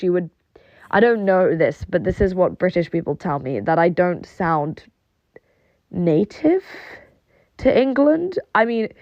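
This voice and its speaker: A young woman with a lowish voice rants casually, rambling through fillers and swearing with sarcastic bite. The recording is dull and lo-fi, with a dry, close sound and no room echo. She talks like she is venting straight to her audience. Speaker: online personality. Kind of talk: casual rant monologue.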